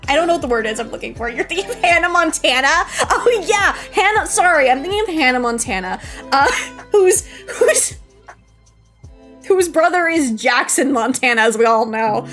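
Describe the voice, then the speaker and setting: A young woman with a high voice chats with her live-stream viewers, rambling and teary, laughing nervously between words. She sounds tired and close to tears the whole time. Soft music plays faintly behind her. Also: lively intonation, normal speed. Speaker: VTuber streamer. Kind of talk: casual live-stream chat. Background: faint background music.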